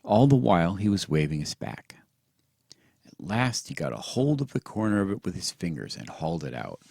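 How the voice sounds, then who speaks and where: A man with a soft, soothing manner reading a story aloud at bedtime, close to the mic. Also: low voice, sing-song, moderate pace, vocal fry, husky, no room sound. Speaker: audiobook narrator.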